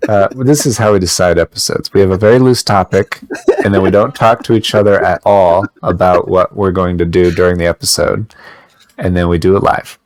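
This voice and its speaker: A man's voice: low voice, steady tone, fairly quick, a little mellow, no room sound. A man co-hosting a podcast, chatting in a loose, rambling, joking way. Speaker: podcast co-host. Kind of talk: casual podcast chat.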